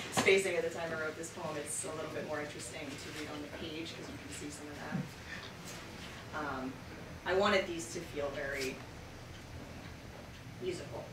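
A woman poet giving an expressive poetry reading in a bookshop, her loudness swinging dramatically between lines. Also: deep voice. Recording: roomy and distant with background noise.

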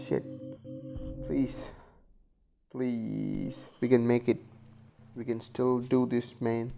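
A man's voice: medium pitch, vocal fry, dark tone. A man playing a video game and commentating, muttering and swearing with panicky outbursts. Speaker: gaming channel host. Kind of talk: casual let's-play commentary.

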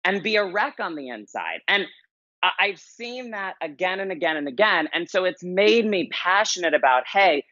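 Male podcast guest, life coach; earnest, emphatic storyteller with a bright, forceful voice. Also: high voice, very animated, moderate pace, no room sound, lo-fi sound. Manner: earnest, emphatic, repeats key phrases. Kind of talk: conversational interview storytelling.

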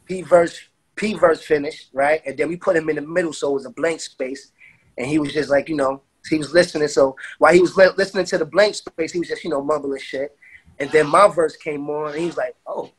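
A man from Brooklyn telling an animated, profane story in a casual interview and acting out what people said. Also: fairly high pitch, brisk, slightly rough. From Brooklyn, New York. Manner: animated, profane street talk, acts out quotes. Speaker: interview guest, music producer.

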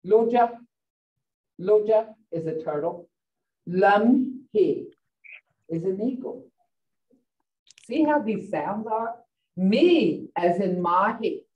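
Slow, warm-voiced woman teaching pronunciation. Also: medium pitch. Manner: repeats words slowly, stressing tone and sounds. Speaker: language teacher. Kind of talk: pronunciation lesson. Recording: dull, roomy, distant from the mic.

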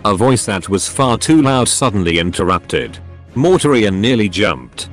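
A synthetic male voice reading a story aloud as narrator, reading every character in the same even machine voice. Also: fairly low pitch, unhurried, soft background music.

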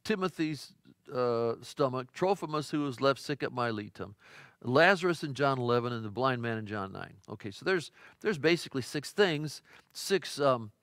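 A middle-aged pastor preaching a midweek sermon in a folksy, conversational storytelling way, with frequent fillers and restarts. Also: male voice, medium pitch, animated, moderate pace, a bit bright, no echo, clean studio sound. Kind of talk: sermon teaching.

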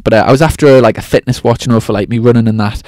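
A man co-hosting a podcast in casual, halting chat. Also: medium pitch, dry recording, clean studio sound. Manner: relaxed, halting, lots of fillers and restarts. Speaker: podcast co-host.

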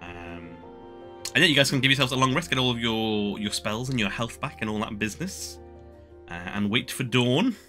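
Male game master, very bright tone, animated delivery, rambling restarts. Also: mid-range voice, moderate pace, soft background music. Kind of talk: running a tabletop game.

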